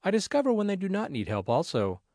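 A man reads his own essay aloud, measured and plainspoken. His pitch rises and falls freely from phrase to phrase, and the recording is dry and close with almost no room sound. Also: wildly swooping pitch, darkish tone, dry recording. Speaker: narrator. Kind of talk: reading a personal essay aloud.

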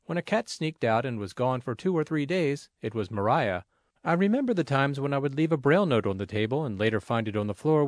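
A man reading a personal essay aloud in a measured, earnest way with gentle humor. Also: medium pitch, no echo, studio quality. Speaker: reader.

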